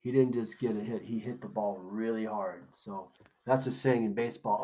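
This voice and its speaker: A man's voice: lowish voice, steady tone, normal speed, warm tone, breathy edge, low-quality recording. A man teaching a recorded poetry lesson, explaining in a casual way and asking questions that he then answers himself. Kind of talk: recorded classroom lesson walkthrough.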